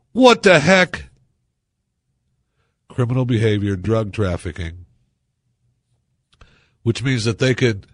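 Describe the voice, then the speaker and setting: Deep-voiced ranting talk radio host man. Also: slightly rough, no echo. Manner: ranting, exasperated, rambling asides.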